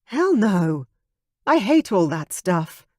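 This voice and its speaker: A man's voice: sits high, very animated, slow, no echo, clean studio sound, pitched above the performer's own voice, heavily acted. A man voicing a hot-tempered young dragon princess in an audiobook, demanding and huffy. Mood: exasperated. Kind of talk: audiobook character voice.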